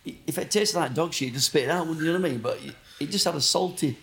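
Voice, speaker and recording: A man's voice: on the high side, very fast, vocal fry, fairly bright tone. A man from Blackburn, telling rambling, sweary stories as a guest in a casual interview. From Blackburn, England. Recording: roomy echo.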